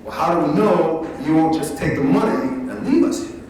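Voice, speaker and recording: A man's voice: on the high side, moderate pace, darkish tone, natural voice. A tired old migrant voices his doubt in a weary tone, as a man reads him aloud. The voice comes from a distance into a reverberant hall with faint room noise. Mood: wary. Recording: echoey hall, mic from far off.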